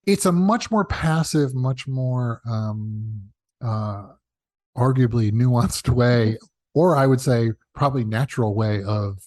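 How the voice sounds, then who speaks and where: A man being interviewed as a television showrunner, telling chatty, animated stories and acting out the dialogue he quotes. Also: slow, no echo. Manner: animated, acts out quoted dialogue with big pitch jumps; chatty, self-correcting, laughs at own asides. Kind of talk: casual interview storytelling.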